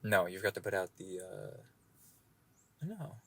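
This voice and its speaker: Young man, podcast co-host, casual chat, lively swinging pitch, jokey, laughs a lot. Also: unhurried, no room sound. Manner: laughing, joking, trails off mid-sentence.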